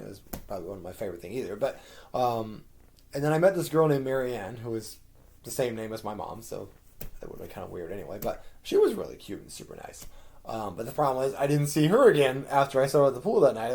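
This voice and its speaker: Young man, casual storyteller, rambling and animated, swears easily. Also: medium pitch. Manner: rambling, many ums and laughs, swears casually. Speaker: vlogger.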